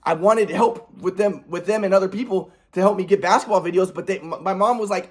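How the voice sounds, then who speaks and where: A man's voice: high-pitched, a little fast, hardly any pauses. A man in his thirties telling a personal story in a vlog, rambling and aggrieved, often repeating words and restarting his sentences. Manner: aggrieved, heated. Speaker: vlogger.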